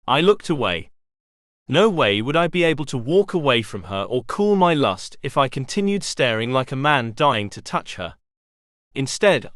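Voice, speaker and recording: A man reads a romance novel aloud in the first person at a middle pitch. His delivery is lively and moves up and down a lot, and it is recorded close and dry with no room sound. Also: no room sound. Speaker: audiobook narrator.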